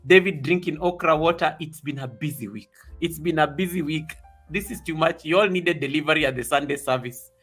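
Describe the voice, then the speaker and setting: A man with a bright, forceful voice pitched a little high hosts a casual live stream and chats excitably with his viewers. Soft music plays faintly behind him. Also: fairly quick, slightly rough. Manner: excitable, reading viewer comments aloud.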